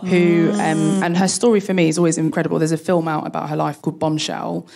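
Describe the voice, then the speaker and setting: Panel guest, woman, rapid and enthusiastic, low-ish with some vocal fry. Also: little pitch movement, mellow. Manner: fast, enthusiastic, chatty. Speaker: guest tech founder. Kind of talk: live podcast panel talk. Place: live audience at a museum event.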